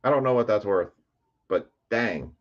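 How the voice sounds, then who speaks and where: A man hosting a live card break, chatty and excitable, calling out player names and shouting over big pulls. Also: fairly low pitch, normal speed, highs cut off.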